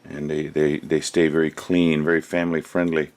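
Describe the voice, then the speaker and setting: A man's voice: extremely low pitch, level tone, moderate pace, a little mellow. A man doing casual crafting commentary at home, rambling and thinking aloud as he works. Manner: rambling, chatty, thinks aloud while working. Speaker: resin crafter.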